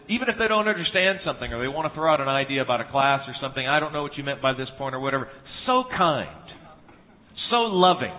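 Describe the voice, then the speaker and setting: Folksy preacher man in a big hall. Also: on the high side. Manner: earnest, folksy and humorous, with frequent restarts. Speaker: guest preacher at a church conference. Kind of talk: sermon with anecdotes. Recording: tinny phone-like sound in a reverberant hall.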